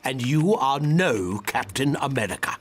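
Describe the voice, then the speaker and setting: A proper, courteous British butler from a video game speaks in measured, formal tones. His pitch moves a great deal while his delivery stays precise and polite. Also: wildly swooping pitch, slight background noise. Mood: dry.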